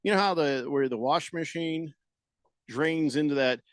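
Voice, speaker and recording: A man's voice: on the high side, measured pace, dry recording. A middle-aged man on a radio show, telling a long story in a rambling way, full of restarts and fillers, into a studio mic. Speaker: radio co-host. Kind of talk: casual radio banter.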